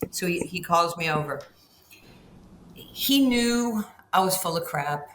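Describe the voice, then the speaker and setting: A woman's voice: lowish voice, slow, slight background noise. A woman in her sixties from New York, a guest telling stories in an interview, acting out the voices she quotes. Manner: animated, acts out quoted voices. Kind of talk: storytelling interview. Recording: roomy echo, faint ambience.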